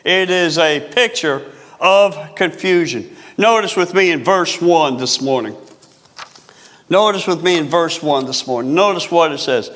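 A male pastor preaching a sermon, repeating phrases for emphasis and stretching key words slowly. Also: a little high, a bit bright, long reverb tail.

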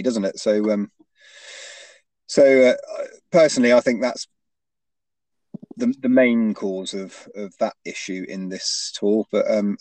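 A man's voice: fairly low pitch, dark tone, no echo. A man in a casual sports chat, hesitant, restarting often and ending points with tag questions.

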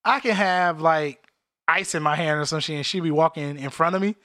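A man co-hosting a casual chat, telling animated, profane, jokey stories. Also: a little high, fairly quick, no room sound, studio quality. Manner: animated storytelling, jokey impressions; profane slang. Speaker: podcast co-host.

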